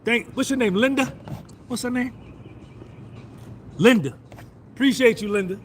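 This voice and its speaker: A middle-aged man on a casual live stream, loose and boastful, repeating himself as he shouts out viewers. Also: very high voice, fairly quick, slight background noise. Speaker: vlogger doing a live stream.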